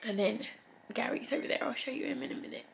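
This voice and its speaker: A woman in her thirties with a British accent, vlogging at home in a soft, emotional way and coaxing her cats. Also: high voice, fast talker, gravelly, slight background noise. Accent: British English. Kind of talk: casual chat to camera.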